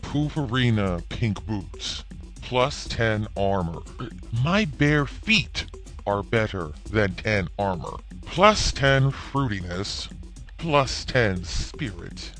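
A man voicing a grumpy, sardonic rogue character in a comedy podcast sketch, gruff and sarcastic. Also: lowish voice, very animated, slow, fairly bright tone, soft background music, full character voice. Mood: indignant.

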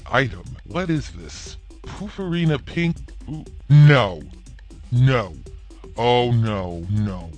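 A man playing a gruff, low-voiced grouchy rogue. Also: sing-song, slow pace, fairly bright tone, faint music behind, full character voice. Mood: indignant. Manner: gruff, sarcastic, threatening. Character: grumpy, sardonic male rogue character. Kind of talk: comedic podcast sketch.

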